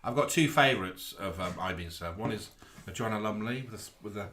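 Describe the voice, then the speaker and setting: A man from the UK co-hosting a casual live stream, chatting in an animated way and often tripping over his words. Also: lowish voice, a little fast, slight background noise. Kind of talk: casual chat.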